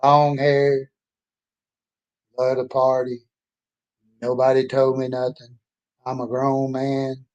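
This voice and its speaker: A man's voice: medium pitch, completely flat delivery, slow pace, pauses often, darkish tone, muffled recording. A man in his sixties telling his life story in a folksy, rambling, plainspoken way. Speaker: storyteller introducing himself. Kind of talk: casual personal storytelling.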